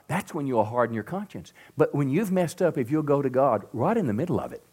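A middle-aged man preaching to a church congregation, swinging from loud emphatic peaks to soft drops and calling out to the crowd for responses. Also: a little high, lively intonation, brisk, few pauses. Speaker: pastor. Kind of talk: sermon. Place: church sanctuary.

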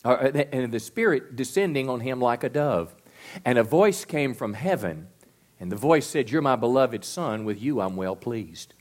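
A man preaching a sermon as pastor, earnest and stressing key words slowly. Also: mid-range voice.

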